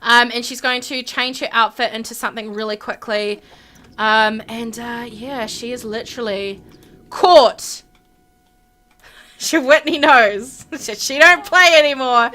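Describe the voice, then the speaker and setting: A woman narrating her life-simulation game play in an animated way, gasping and exclaiming as she goes. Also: on the high side, a little slow. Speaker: gaming YouTuber.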